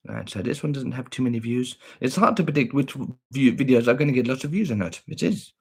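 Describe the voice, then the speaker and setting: A man's voice: mid-range voice, quick pace, gravelly, darkish tone, husky. A man chatting casually on a livestream, playful and boastful, with teasing sing-song asides. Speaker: livestream vlogger.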